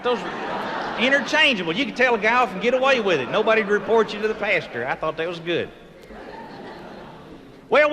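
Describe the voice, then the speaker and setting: A man telling folksy stand-up stories and bursting into loud voiced sound effects, recorded live. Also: sits high. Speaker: comedian. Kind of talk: stand-up storytelling. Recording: live show recording from a hall with audience ambience.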